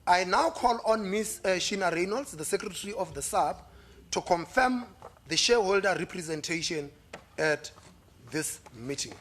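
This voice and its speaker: A man with a South African accent chairing a formal meeting, reading agenda items steadily with small pauses. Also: sits high, lively intonation, fairly bright tone.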